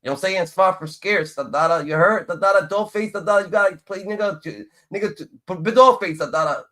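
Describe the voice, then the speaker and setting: Man, co-host, tense bright voice, slightly high, profane, constant "da, da, da" filler. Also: quick pace. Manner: peppers every phrase with "da, da, da", profane. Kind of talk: heated live-stream commentary.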